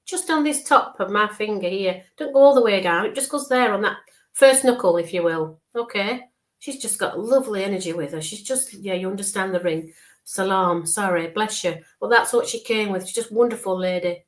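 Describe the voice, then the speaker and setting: A woman in a mid-pitched voice, neither high nor low for a woman, gives a live psychic reading. She talks softly and reassuringly, builds up each image through repetition, and keeps checking in with her listener. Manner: describes visions slowly, checks in with frequent okays. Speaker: spiritual medium.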